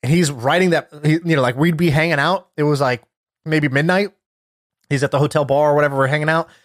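A man co-hosting a podcast, telling a story in casual chat, lively and full of fillers like "like" and "you know". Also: fairly high pitch, quick pace, dry recording, clean studio sound. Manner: animated storyteller, many fillers, laughs while telling. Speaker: podcast co-host.

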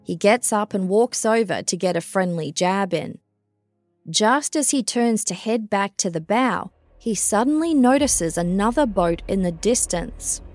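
A woman narrates a scripted true-crime account at a middling pitch. Her delivery is measured and even. Soft music sits quietly underneath. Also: no echo. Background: faint music.

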